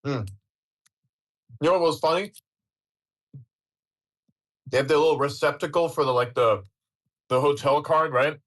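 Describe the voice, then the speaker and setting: A man hosting a casual online chat, ranting and swearing with bursts of laughter, in a husky voice. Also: on the high side, measured pace, pauses often. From Europe. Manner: profane, animated ranting with laughter. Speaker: host.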